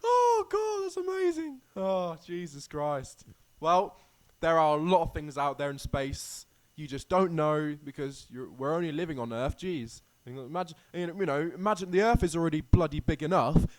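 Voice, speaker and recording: A man co-hosting a casual podcast, talking in an excitable, exclaiming way. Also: on the high side, moderate pace. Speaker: podcast co-host. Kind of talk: casual chat.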